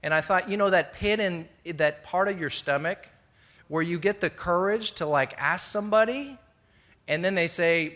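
In an indoor meeting room, a middle-aged man recounts his recovery to the audience. He has a high, somewhat bright voice and a moderate pace. He's earnest and rambling, full of fillers and restarts, and he laughs at himself now and then.

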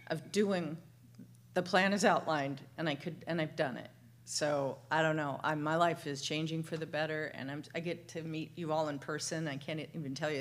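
Emotional woman in her fifties, halting. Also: sits low. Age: 50s. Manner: halting, emotional, many fillers and restarts. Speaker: meeting member sharing. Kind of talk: personal share at a recovery meeting. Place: meeting room.

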